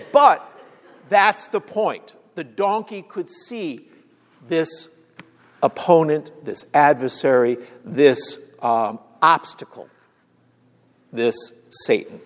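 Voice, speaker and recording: Pastor guy telling a bible story real slow, chatty, lots of "all right?", long hall echo. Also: a little high. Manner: storytelling, conversational, frequent "all right?" check-ins. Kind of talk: sermon.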